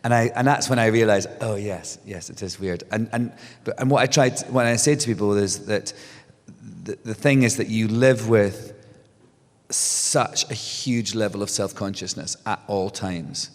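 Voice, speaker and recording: A middle-aged man talks loosely and animatedly on stage, starting over and laughing as he goes. His voice sits a little low. The sound carries a long hall reverb. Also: normal speed. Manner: animated storyteller, restarts, laughs often. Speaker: guest author. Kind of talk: casual onstage conversation. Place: stage before a live audience.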